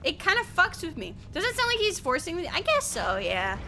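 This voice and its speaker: High, lively, giggly woman streamer. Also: a little fast, noisy background. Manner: chatty, giggly, swears freely. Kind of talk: casual game commentary.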